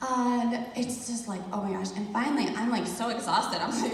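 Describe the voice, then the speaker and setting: A woman's voice: fairly high pitch, normal speed, very echoey, long reverb tail, distant mic, slight background noise. A woman casually telling a group the story of her birth, with frequent laughter. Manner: animated, laughs often, addresses listeners as "you guys". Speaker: speaker sharing a birth testimony.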